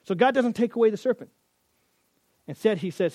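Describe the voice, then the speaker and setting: A man delivering a sermon with a high voice, animated and conversational, often slipping into the voices of the characters he describes. The recording is dry and close, with almost no room sound. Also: a little fast, no room sound. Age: adult. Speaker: pastor.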